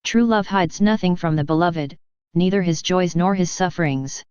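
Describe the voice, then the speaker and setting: A woman reading the lines of Jesus as a gentle, loving divine speaker, slow and solemn, in a devotional reading. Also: lowish voice, clear, resonant tone, no room sound, natural voice. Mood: tender solemn. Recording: dull lo-fi dry recording.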